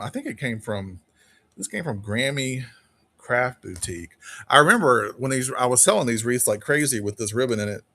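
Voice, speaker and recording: Guy running a live craft auction, calling out bids fast and greeting people, middle pitch, dry close sound. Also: pushed and bright, dry recording. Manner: quick bid-calling, chatty, greets viewers by name. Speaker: live online auction seller. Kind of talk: casual live-stream auction patter.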